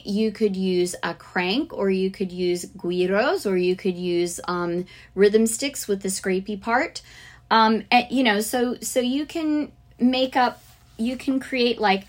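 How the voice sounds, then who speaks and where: A woman's voice: mid-range voice, takes it slowly. A woman hosting a podcast for music teachers, talking casually and enthusiastically about lesson ideas, with plenty of fillers and restarts. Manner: chatty, enthusiastic, chants rhythms and sings snippets.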